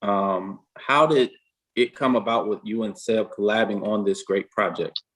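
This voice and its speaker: Male host, low voice, calm questioner. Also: low-quality recording. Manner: measured, prompting questions. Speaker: interview host. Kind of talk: interview questions.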